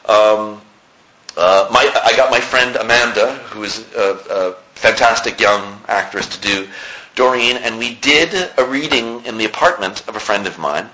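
Bright-voiced middle-aged man telling stories. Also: on the low side, normal speed. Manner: animated anecdote-teller who acts out quoted dialogue. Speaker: playwright. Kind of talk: casual interview storytelling. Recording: slightly muffled lo-fi recording with faint hiss.

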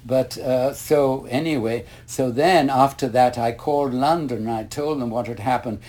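Older man, interviewee, mellow, rambling anecdotal storyteller full of asides. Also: medium pitch, moderate pace. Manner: rambling anecdotal, quotes others, many asides. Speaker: interviewee, retired ballet master.

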